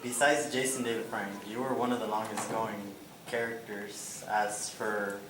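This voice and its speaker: Casual young-sounding fan in echoey hall. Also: male voice, lowish voice, level tone. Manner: casual, friendly, a little halting. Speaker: fan asking a question. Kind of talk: audience question at a convention panel. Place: large convention hall. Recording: echoey hall, distant mic, crowd noise.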